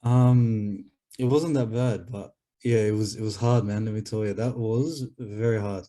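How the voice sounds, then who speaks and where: A man's voice: on the low side, fairly even intonation, unhurried, mellow. A man on a video call, telling a rambling comic story in casual chat and acting out both sides of the dialogue. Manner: rambling, laughing storyteller who acts out dialogue. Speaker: podcast regular, storyteller.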